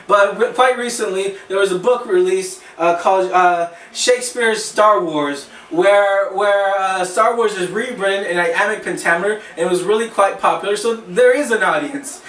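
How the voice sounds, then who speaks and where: Guy with a high voice giving a speech, lots of uhs and restarts, echoey room, mic kinda far. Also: a bit bright, a little hiss or hum. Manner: hesitant, many fillers and restarts. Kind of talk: classroom speech.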